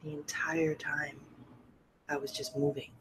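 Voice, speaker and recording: A middle-aged woman hosting a podcast, telling a personal story candidly and emotionally, often sinking to a soft, breathy near-whisper. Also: sits low, little pitch movement, a little slow, noisy background. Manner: repeats phrases for emphasis, swears freely. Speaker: podcast host.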